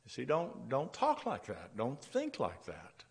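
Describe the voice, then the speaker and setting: A man preaching a sermon with a halting delivery, repeating words as he goes and laughing softly between points. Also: mid-range voice, huge pitch swings, gravelly, breathy edge. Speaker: pastor. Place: church sanctuary. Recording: long church-hall reverb.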